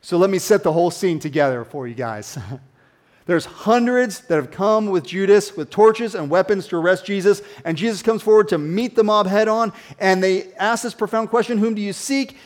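Man, pastor, sermon, conversational, animated, fairly high-pitched, hushed emphasis. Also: normal speed.

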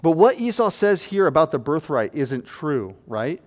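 Dramatic preacher man, high-ish voice. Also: big pitch swings, normal speed. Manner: dramatic, swings from loud to hushed; acts out quoted voices. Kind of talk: expository sermon.

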